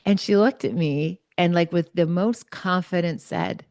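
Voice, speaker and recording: Chatty, animated woman telling a story. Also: fairly low pitch, measured pace, hardly any pauses, dry recording, clean studio sound. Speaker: podcast host, psychologist. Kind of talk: personal storytelling.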